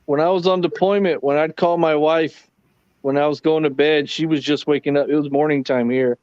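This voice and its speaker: A man's voice: fairly high pitch, steady tone, a little fast, darkish tone, clean tone, dry recording. A man on a casual late-night livestream, telling laid-back, profane stories about work and travel. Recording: dull, muffled sound.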